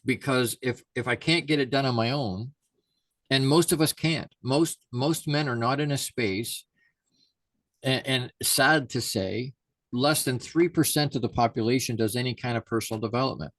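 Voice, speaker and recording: Male mindset coach, mid-pitched, emphatic, dry close sound. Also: normal speed, fairly bright tone, no echo. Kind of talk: conversational interview.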